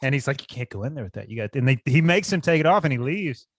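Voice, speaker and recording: A man's voice: mid-range voice, animated, fast, no room sound. A man co-hosting a podcast in casual chat, blunt, swearing freely and laughing often. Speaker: podcast co-host.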